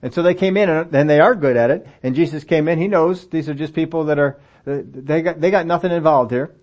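An older male pastor preaches a sermon, reading scripture aloud and slipping into folksy, self-deprecating asides. His voice is fairly high and darkish in tone, moving a little fast. The recording has a dull, lo-fi quality.

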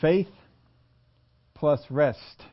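A man's voice: a little high, extremely slow, dull audio. Conversational male pastor preaching. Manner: conversational preaching, acts out quoted voices. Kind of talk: sermon.

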